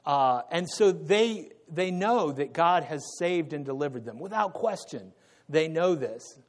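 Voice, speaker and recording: A man preaching an unscripted sermon, pausing on fillers and correcting himself as he goes. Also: fairly high pitch, animated. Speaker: pastor.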